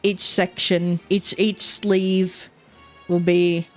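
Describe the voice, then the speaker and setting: A woman's voice: lowish voice, level tone, drawn-out words, faint music behind. A woman, chatting casually on a gaming stream and rambling, swearing and laughing often.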